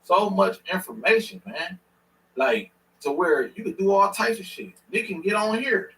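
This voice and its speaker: Man, high voice, bright tone, blunt slangy reaction talk, repeats lines, a bit far from the mic. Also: moderate pace. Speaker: stream host reacting to a clip. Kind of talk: casual reaction commentary.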